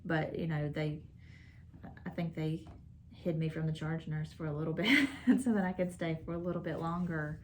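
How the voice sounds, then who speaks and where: A woman telling her family's hospital story in a casual sit-down, halting and full of fillers and restarts. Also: deep voice, little pitch movement, warm tone, a little hiss or hum.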